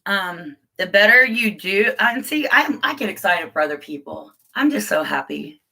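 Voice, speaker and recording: Chatty woman on a bright live stream. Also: medium pitch, expressive, normal speed, creaky. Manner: chatty, rambling, laughs often, greets viewers by name. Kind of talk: casual live chat.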